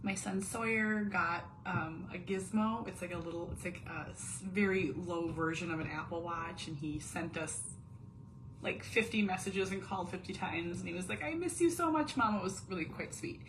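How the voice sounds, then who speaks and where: A woman's voice: fairly low pitch, steady tone, normal speed, background noise. A woman in her thirties, a mom and caregiver, talking candidly to camera at home, earnest and confiding, sometimes dropping to a near whisper on painful feelings. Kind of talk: candid personal monologue.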